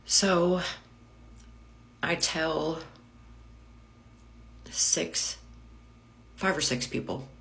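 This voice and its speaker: A woman's voice: extremely low pitch, fairly bright tone. A middle-aged woman telling a personal story in a candid, emotional monologue, with restarts and some swearing. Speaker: content creator telling her own story.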